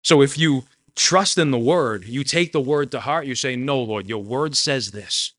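A man preaching a heartfelt sermon at a middle pitch. He talks with earnest emotion, lifting his voice to retell a story and dropping it low to press a point home. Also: measured pace, a bit bright. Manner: earnest, emotional, tearful at moments.

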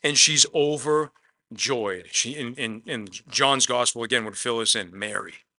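A male pastor preaching to a room in a loose, conversational way, slipping into little acted-out quotes as he retells the story. His voice is very bright and forward, at a middle pitch. The recording is dry and close, with no room sound. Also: measured pace, no echo. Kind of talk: sermon.

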